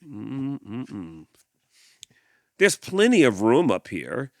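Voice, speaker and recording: A man's voice: mid-range voice, wildly swooping pitch, extremely slow, darkish tone, dry recording, clean studio sound, pitched above the performer's own voice, exaggerated voice. A man voicing a cheerful, chatty flamingo while reading a picture book aloud.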